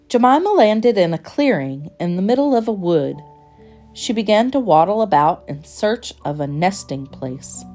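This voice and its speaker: A woman reading a children's storybook aloud in a gentle, expressive, measured way. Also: lowish voice.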